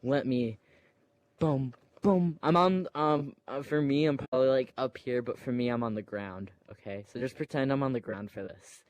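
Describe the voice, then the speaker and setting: A man's voice: medium pitch, fairly quick, hardly any pauses, no echo. A man casually retelling a film scene by scene, full of fillers, acting out moments and sound effects.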